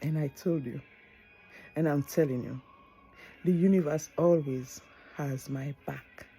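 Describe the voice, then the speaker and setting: A woman's voice: sits low, unhurried, mellow, soft background music, low-quality recording. A middle-aged woman, tearing up as she gives earnest, preachy advice in a vlog, repeating phrases for emphasis. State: tearful. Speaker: vlogger. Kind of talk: heartfelt advice monologue.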